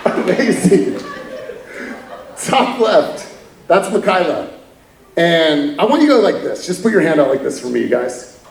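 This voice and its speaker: A man's voice: fairly high pitch, creaky, far from the mic, slight background noise. A man giving a candid motivational talk from a conference stage, chuckling as he tells stories. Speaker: keynote speaker. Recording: echoey hall from afar.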